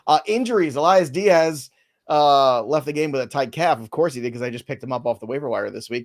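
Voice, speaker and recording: A man hosting a casual sports podcast, playful and laughing often as he runs through a quick rundown. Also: mid-range voice. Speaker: podcast host.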